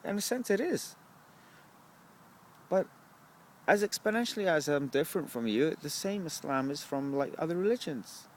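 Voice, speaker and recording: Young man, rambling foul-mouthed monologue, slightly high voice, faint traffic hum behind. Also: lively intonation, normal speed, pauses often. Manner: swears often, rambles, asks "right?" a lot. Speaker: vlogger. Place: outdoors at a bus stop.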